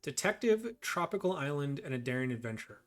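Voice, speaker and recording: A man's voice: on the high side, big pitch swings, fast. Joking man narrating his game. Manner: joking, loose, thinking out loud. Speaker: gameplay host. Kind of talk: let's play commentary.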